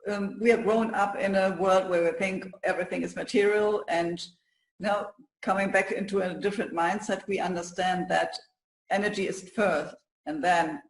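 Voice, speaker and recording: A man's voice: high-pitched, steady tone, normal speed. A man hosting an interview and asking questions, speaking hesitantly with many fillers. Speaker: host, interviewer. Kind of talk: interview conversation. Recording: echoey room.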